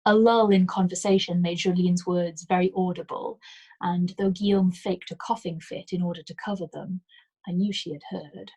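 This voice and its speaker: A woman reading a novel aloud as a bedtime storyteller, in a calm, measured way. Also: fairly low pitch, slightly rough, low-quality recording.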